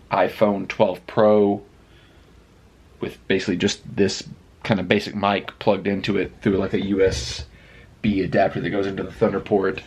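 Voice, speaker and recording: A man talking casually to his viewers. He rambles and pokes fun at himself. His voice is low, gravelly and a bit husky. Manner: rambling and self-deprecating. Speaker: vlogger and live streamer. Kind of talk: casual vlog chat.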